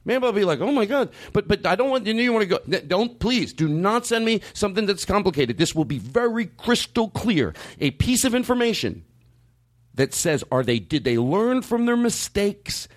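Male podcast host, lively and somewhat high-pitched, rambling with restarts, a touch sarcastic. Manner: rambling, halting, many restarts and fillers; openly sarcastic at times. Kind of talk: casual discussion.

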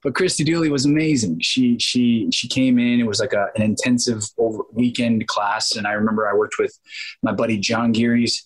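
As a guest in an interview, this actor in his thirties spins lively, casual stories, laughs a lot, and acts out quotes. His voice is medium-pitched and slightly rough, a little fast, and the recording is rough.

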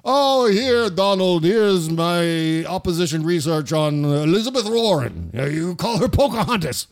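A man's voice: high-pitched, expressive, measured pace, voice pushed up. A man doing a hammy fake-Russian leader. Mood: sly. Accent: bad put-on Russian. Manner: mock-conspiratorial, hammy. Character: Russian president, sly, offering favors.

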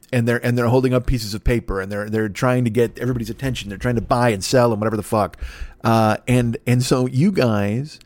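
A man's voice: medium pitch, darkish tone, no room sound. Guy on his podcast, swearing a lot, rambling and self-deprecating, dry close sound. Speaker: podcast host. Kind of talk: solo podcast monologue.

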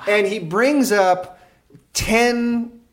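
A man, a podcast guest, telling a rambling story in casual chat, often laughing and filling pauses with um and uh. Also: high voice.

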